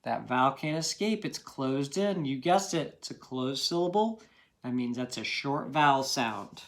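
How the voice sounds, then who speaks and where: Male teacher, slow and patient, phonics lesson for kids, mid-pitched. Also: animated, a bit bright. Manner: patient, checks in with "okay?" often.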